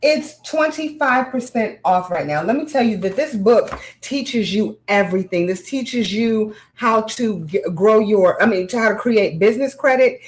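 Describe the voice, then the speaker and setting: A woman co-hosting a casual chat, teasing her co-host bluntly and pitching a product like a salesperson. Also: expressive, normal speed, few pauses.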